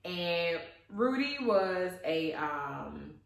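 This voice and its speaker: A woman's voice: on the low side, animated, vocal fry. A woman co-hosting a podcast who tells stories emphatically, dragging out key words. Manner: drawn-out, emphatic storytelling. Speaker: podcast co-host. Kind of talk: casual storytelling chat. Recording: echoey room with faint noise.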